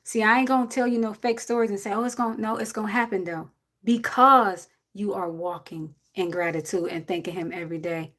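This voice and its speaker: A woman's voice: medium pitch, fairly even intonation, fairly quick, a bit bright. A woman, giving blunt, preachy advice to a viewer on a casual livestream. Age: 40s.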